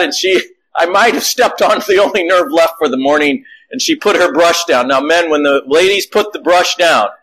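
A middle-aged man delivering a sermon in a high voice. He tells homely stories with animation and acts out the lines of the people in them, then urges his listeners on. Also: rough recording. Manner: animated storytelling, acting out quotes. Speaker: preacher.

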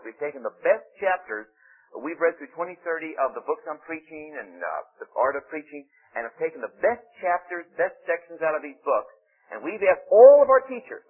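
A man with a New Jersey accent delivers an earnest radio sermon, his pitch sitting a bit high and swinging widely. His voice is a little husky, and the sound is thin and phone-like, like an old radio broadcast. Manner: earnest, animated, with chuckles. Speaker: pastor. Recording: tinny phone-like radio recording.

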